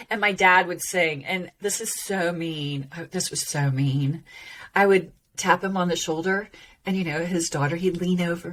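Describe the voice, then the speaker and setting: Animated woman hosting a podcast. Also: fairly low pitch. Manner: animated and expressive, laughs often. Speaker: host teaching about voice and emotion. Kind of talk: casual podcast monologue.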